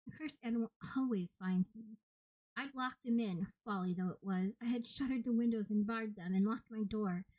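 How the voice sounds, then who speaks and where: Mellow woman reading an audiobook. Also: a little high, moderate pace, dry recording, low-quality recording. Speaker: audiobook reader. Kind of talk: first-person audiobook narration.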